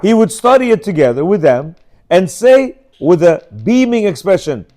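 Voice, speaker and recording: A middle-aged man leads a Torah class on marriage with a notably high-pitched voice. He talks emphatically and scolds his listeners, repeating each point several times. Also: big pitch swings, normal speed, mellow. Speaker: religious teacher.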